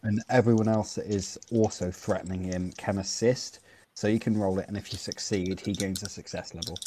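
A man's voice: low voice, fairly even intonation, a little fast, darkish tone, slight background noise. A man narrating and explaining rules as game master of a tabletop role-playing session.

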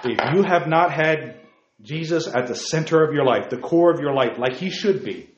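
A man with a somewhat high voice preaches to young people, firing rhetorical questions and calling listeners by name. He swings between loud exclamations and hushed asides. The recording is dull and roomy, with echo off the walls. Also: normal speed, background noise. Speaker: youth preacher. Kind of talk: sermon.

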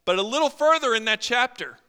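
Brief: animated pastor with a tense bright voice and lots of fillers, recorded in a reverberant church. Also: male voice, very high-pitched, a little fast, smooth. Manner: animated, acts out quotes, many fillers. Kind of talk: sermon. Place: church sanctuary. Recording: long hall reverb.

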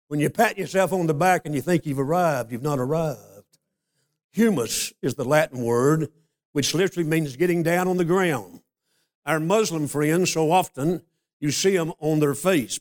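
Older folksy preacher, somewhat high voice. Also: male voice. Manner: folksy storyteller, slows to stress scripture. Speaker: pastor. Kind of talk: sermon.

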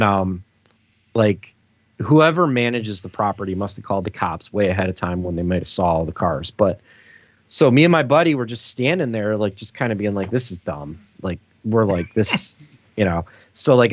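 A man's voice: lowish voice, lively intonation, normal speed, no room sound. A man in his thirties, co-host of a casual talk show, telling a long story in a rambling way with lots of filler words. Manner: rambling, many "like" fillers, laughs through the story. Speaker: podcast co-host. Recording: dull, dry lo-fi sound.

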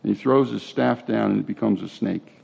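A man's voice: on the low side, brisk, creaky, a little mellow, breathy edge. A man giving a sermon as a pastor, talking in a conversational way with asides and restarts.

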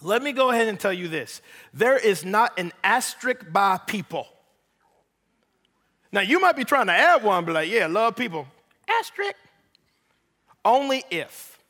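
High-voiced man preaching in a reverberant hall. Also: moderate pace. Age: 30s. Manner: animated preacher, acts out dialogue with God, teasing asides. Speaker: pastor. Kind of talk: sermon.

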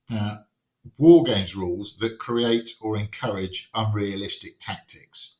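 A man's voice: on the low side, slow. Wry man in an echoey room. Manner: wry and anecdotal, acts out quotes. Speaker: wargames rules writer, podcast guest. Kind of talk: casual podcast conversation. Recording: roomy echo.

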